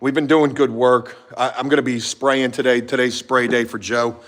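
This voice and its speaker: A man vlogging about his painting job, telling a story in a casual, profane, animated way, going from shouts down to mutters. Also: medium pitch, normal speed. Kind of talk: casual storytelling to a live chat.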